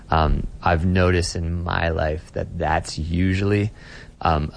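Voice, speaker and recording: A man with a very low, deep voice talks as a guest on an interview podcast. He is a pastor and speaks earnestly, often stumbling over and repeating words as he works out his thoughts. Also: gravelly. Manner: earnest, restarts words while thinking.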